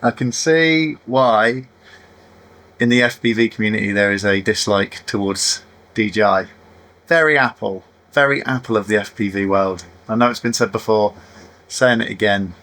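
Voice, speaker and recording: With a lowish, slightly bright voice at normal speed, a man narrates casually as he tinkers with a drone on his workbench. He's an FPV hobbyist vlogger, chatty but exasperated. He sighs and laughs at his setbacks, poking fun at himself.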